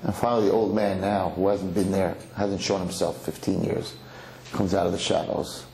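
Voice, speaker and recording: A rabbi giving a sermon, telling a parable in an animated storytelling manner with some Yiddish words, in an echoey lecture hall. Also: male voice, low voice, normal speed, vocal fry, a little hiss or hum. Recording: echoey hall, faint ambience.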